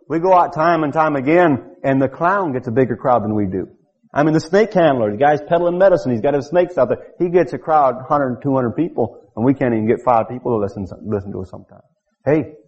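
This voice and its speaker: A man's voice: medium pitch, a little mellow, breathy edge. A middle-aged man preaching a sermon, fervent and building to emphatic peaks. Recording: dull lo-fi recording.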